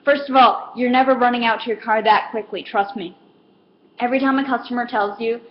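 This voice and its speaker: A fairly high-voiced young woman rambles through a casual comic monologue, leaning on fillers and slipping into little impressions of people. The recording is roomy and dull, with a faint hiss. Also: quick pace. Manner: rambling with many fillers, acting out customers. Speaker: comedic vlogger. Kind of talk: casual stand-up style monologue.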